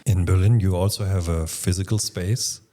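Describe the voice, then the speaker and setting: A podcast host with a very deep voice puts short follow-up questions to his guest. His tone is dark and mellow. He keeps the questions simple and inquisitive. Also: steady tone, moderate pace. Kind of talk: interview questions.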